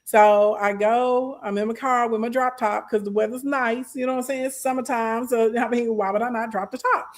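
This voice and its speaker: A young adult woman, casually telling a story to her live stream chat, sassy and animated. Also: fairly high pitch, moderate pace, hardly any pauses. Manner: animated, sassy, acts out quoted voices.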